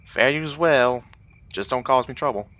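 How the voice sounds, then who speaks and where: Man voicing a surly, dim thug guard; loud, gruff, raised pitch. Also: moderate pace, natural voice. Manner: gruff, ungrammatical street talk.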